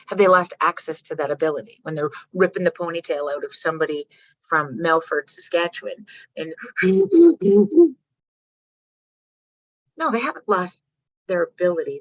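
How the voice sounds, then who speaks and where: Bright-voiced, salty woman speaker. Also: deep voice, no room sound. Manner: animated storytelling, salty language, keeps checking in with the audience. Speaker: workshop speaker. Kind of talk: motivational workshop talk. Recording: dull lo-fi dry sound.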